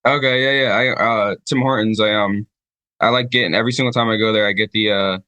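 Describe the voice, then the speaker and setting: A man's voice: on the low side, steady tone, fast talker, bright, forceful tone, smooth, no room sound. A man in casual chat, telling rambling stories with lots of swearing and fillers. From Michigan, United States. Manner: rambling storyteller, heavy swearing, many fillers. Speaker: podcast guest, band vocalist.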